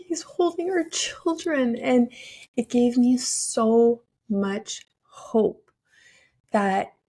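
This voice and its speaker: A woman's voice: on the low side, gravelly, darkish tone, breathy edge. A young woman, hosting a podcast and telling a personal story in an earnest, confiding way, with many "like"s and "you know"s. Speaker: podcast host.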